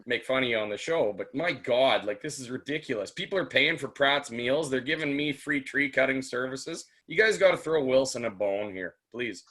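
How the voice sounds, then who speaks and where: A man co-hosting a sports podcast, telling a rambling story in a lively, casual way. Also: medium pitch, moderate pace, hardly any pauses. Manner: animated, rambling anecdote with restarts. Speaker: podcast co-host.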